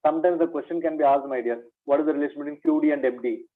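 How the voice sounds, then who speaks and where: A man with a somewhat high voice gives an exam revision lecture in maths. He repeats each point several times, asks rhetorical questions and calls his students "my dear". The recording sounds thin and phone-like. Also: rapid-fire. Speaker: maths teacher.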